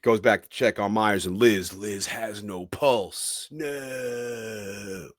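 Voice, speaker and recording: A man co-hosting a podcast, recapping a film's plot casually and reading its lines in a slow low voice. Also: fairly even intonation, no room sound, clean studio sound. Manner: narrates the plot, reads quotes in a low slow voice. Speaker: podcast co-host.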